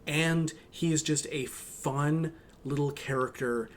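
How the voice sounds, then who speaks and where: A man's voice: fairly high pitch, fairly even intonation, slow, slight background noise. A man co-hosting a podcast in casual chat, rambling with many fillers and restarts. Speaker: podcast co-host.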